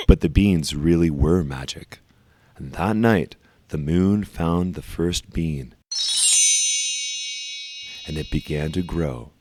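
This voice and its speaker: Very deep-voiced man reading a storybook. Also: a little mellow, a little hiss or hum. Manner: slow, emphatic on repeated phrases. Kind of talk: storybook read-aloud.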